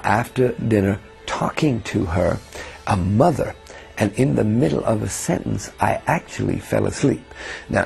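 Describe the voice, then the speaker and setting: A man's voice: fairly low pitch, vocal fry, darkish tone. A man from England giving an earnest personal testimony, telling his story with many fillers. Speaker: testimony speaker.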